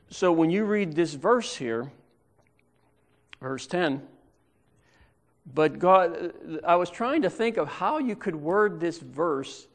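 A man with a slightly high voice preaches a sermon in church, explaining Bible verses step by step and pausing as he reads scripture aloud.

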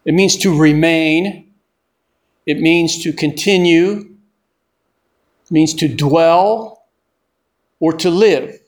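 A man's voice: a little high, slow pace, long pauses, darkish tone. An older man preaching a sermon in a conversational way, often repeating and restarting his words.

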